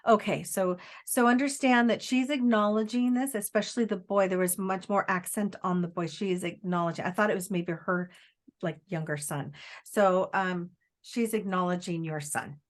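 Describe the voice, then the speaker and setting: A psychic medium gives a live spirit reading, her medium-pitched voice keeping a fairly even intonation. She speaks haltingly and searchingly, full of fillers, relaying messages by quoting the spirit in the first person.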